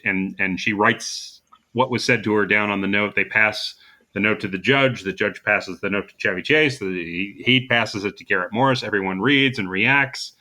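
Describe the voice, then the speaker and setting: A man's voice: lowish voice, moderate pace, pushed and bright. A man co-hosting a podcast, recapping a comedy show in casual chat with plenty of fillers. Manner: chatty, recapping with frequent fillers and laughs. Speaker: podcast co-host.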